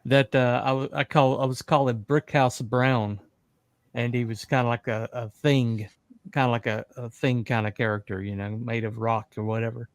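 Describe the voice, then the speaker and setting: A man in casual chat, halting and filling pauses with ums and uhs. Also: mid-range voice, level tone, dry recording. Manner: halting, full of fillers.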